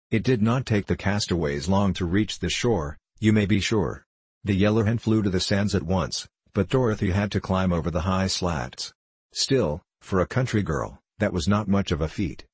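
A man with a husky voice narrating a children's story in a steady, even audiobook reading. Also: deep voice, no echo.

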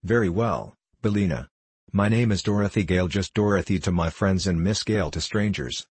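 In an audiobook story, a man with a low, husky, darkish voice reads the lines of an earnest, prim young farm girl. He reads briskly, with no echo.

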